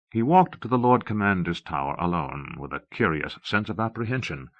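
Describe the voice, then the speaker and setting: A man reading an audiobook in a steady, measured way, from an old cassette tape. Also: low-pitched, dull audio. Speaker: audiobook narrator. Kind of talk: scripted narration.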